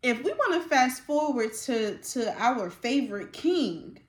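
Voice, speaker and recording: A woman's voice: on the high side, a little slow. Passionate woman host talking in a roomy space. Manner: passionate, gets excited and laughs, slangy asides. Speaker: podcast host. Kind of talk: faith-based casual talk.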